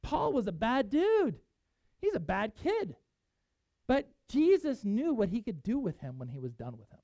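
Lively preacher with a dark, mellow tone. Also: mid-range voice, a little slow, no echo, rough recording. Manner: animated, storytelling, reads scripture aloud. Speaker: pastor. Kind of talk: sermon.

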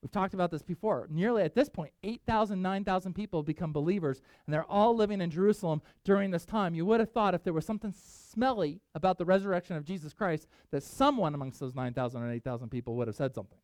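A man preaching a sermon to a congregation in a church, talking in an emphatic, animated, conversational way. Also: high-pitched, fast, few pauses, dry recording. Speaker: pastor.

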